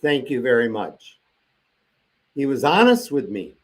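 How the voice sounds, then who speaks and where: A man's voice: mid-range voice, very animated, unhurried. An older man as an interview guest, telling a long personal story and acting out the voices of the people he quotes.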